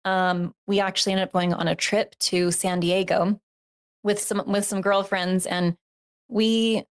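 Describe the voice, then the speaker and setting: A woman's voice: medium pitch, flat delivery, unhurried, smooth. A woman telling a story in a casual interview, earnest and reflective, with many fillers. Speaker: podcast co-host, guest.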